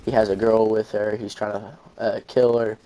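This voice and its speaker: A man's voice: fairly low pitch, flat delivery, moderate pace, warm tone, poor audio. A young man, telling a long story casually over gameplay, rambling with fillers and restarts. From Arkansas, USA. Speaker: gaming channel host.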